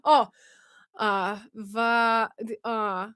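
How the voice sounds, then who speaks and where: Brief: bubbly woman hosting a live chat, bright high voice, dry close sound. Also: level tone, drawn-out words, clean tone, no room sound. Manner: bubbly, laughs often, self-mocking. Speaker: livestream host.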